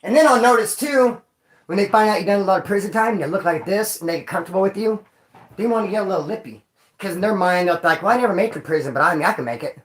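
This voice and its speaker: A man from Bakersfield, California telling rowdy stories in casual street slang to his viewers, cursing and sometimes yelling. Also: high-pitched, fast talker. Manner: profane, animated street slang, bursts of yelling. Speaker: vlogger. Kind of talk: casual storytelling to a live chat. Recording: echoey room.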